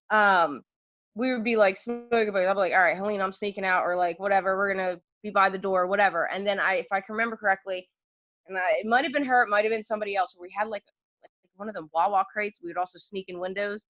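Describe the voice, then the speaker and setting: A young woman, a podcast guest, telling candid stories in a loose, animated way with lots of fillers. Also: mid-range voice, dry recording. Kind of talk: casual storytelling chat. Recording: dull lo-fi podcast audio.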